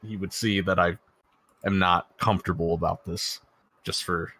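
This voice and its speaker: A man's voice: low-pitched, fairly even intonation, normal speed, sharp tone, no echo. A man playing a tabletop game, asking his questions in an earnest, polite and careful way. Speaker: player. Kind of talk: casual tabletop game chat.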